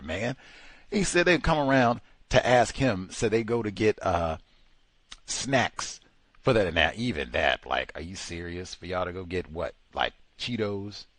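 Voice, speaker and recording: A man hosts talk radio in a sarcastic, exasperated and animated way. His voice sits low and the sound is close and dry, with no room around it. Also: dry recording. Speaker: radio host. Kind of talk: casual talk radio commentary.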